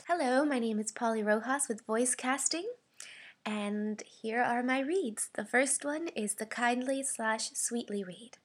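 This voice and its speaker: Woman voice actor, audition slate, slow, breathy, bright. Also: fairly high pitch. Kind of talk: audition demo reel.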